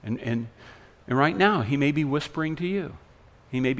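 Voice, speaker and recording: A man preaching a sermon, his delivery swinging between loud emphatic lines and soft hushed ones. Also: a little high, lively intonation, moderate pace, long reverb tail. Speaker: pastor.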